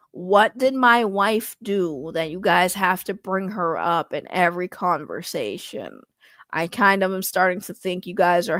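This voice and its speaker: A woman's voice: a bit bright, no echo, clean studio sound, full character voice. A woman doing a nasal, condescending filmmaker guy. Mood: aggrieved. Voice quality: nasal, congested. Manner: low, slow, trying to sound articulate. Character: condescending nasal male indie filmmaker, defensive. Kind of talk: parody impression.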